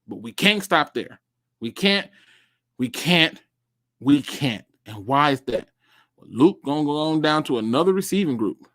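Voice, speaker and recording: A man hosting a solo sports talk show, speaking straight to his viewers and reacting as he reads. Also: fairly high pitch. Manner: animated, talks to viewers directly, reads out and reacts.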